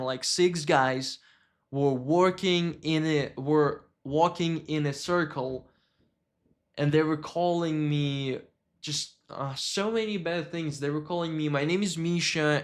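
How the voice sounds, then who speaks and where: A man with a voice that sits a little high tells a story from his own life on a live stream. He speaks openly and with emotion, and swears when the memory upsets him. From Russia.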